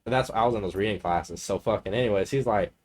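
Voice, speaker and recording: A man's voice: fairly low pitch, fast talker, a little mellow, slight background noise. Young dude on a podcast, rambly, swears a ton, laughs thru his stories. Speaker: podcast co-host. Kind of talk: casual chat.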